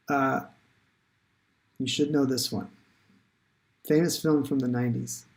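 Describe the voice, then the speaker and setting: A man's voice: mid-range voice, fairly even intonation, unhurried, long pauses. A man teaching English in a live online lesson, chatty and encouraging, thinking aloud with many fillers.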